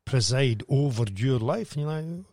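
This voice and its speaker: A man's voice: medium pitch, expressive, moderate pace, a little mellow, no room sound, studio quality. Ranting, sardonic Scottish man. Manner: ranting, sardonic, heavy swearing. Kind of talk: casual chat.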